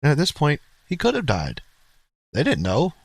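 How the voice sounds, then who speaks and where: A man's voice: on the high side, huge pitch swings, moderate pace, gravelly, breathy edge, no room sound. A man hosting a live stream, cracking wry jokes and talking to his chat between arguments. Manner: wry, joking asides to chat. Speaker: streamer host.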